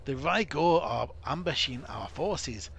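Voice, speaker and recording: A man's voice: on the high side, expressive, slow, vocal fry, a bit bright, a little hiss or hum, heavily acted. A man playing a blunt dwarf commander. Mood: urgent.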